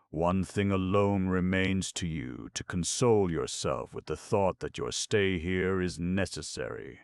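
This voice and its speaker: A man with a very deep voice playing a mild middle-aged male doctor who reasons calmly and apologetically, in an audiobook reading. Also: gravelly, no room sound, clean studio sound, full character voice.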